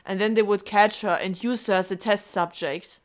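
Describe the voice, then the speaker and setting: A woman streamer reading a game aloud and reacting with emotional, expressive comments. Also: medium pitch, normal speed.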